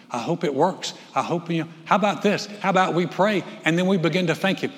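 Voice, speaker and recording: A man preaching a sermon from the pulpit, animated, swinging from loud calls to hushed telling. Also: sits high, fairly quick, hardly any pauses. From North Carolina. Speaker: pastor. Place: church sanctuary. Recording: long church hall reverb.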